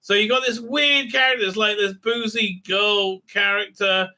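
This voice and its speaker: A man's voice: high voice, steady tone, moderate pace, bright, forceful tone. A man rambling through a casual, sarcastic review recap, full of filler sounds and digressions. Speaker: YouTube reviewer.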